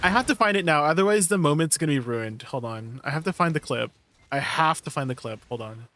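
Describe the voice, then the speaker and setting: A man's voice: on the high side, animated, a little fast, sharp tone. Playful male streamer chatting with viewers. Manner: playful, laughs often, talks to chat. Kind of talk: casual live-stream chat with viewers.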